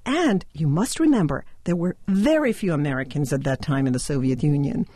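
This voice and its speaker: A woman co-hosts a radio talk show, her pitch rising and falling as she tells stories. She sounds lively and animated. The recording is dry and close, with no room sound. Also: a little fast, dry recording. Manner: lively, laughs often, animated storytelling. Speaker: radio co-host. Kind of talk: casual radio chat. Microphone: studio microphone.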